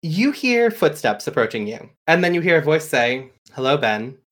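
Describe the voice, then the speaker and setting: A man working as game master, narrating a tabletop game quickly and with energy. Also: a little high, very animated, a bit bright.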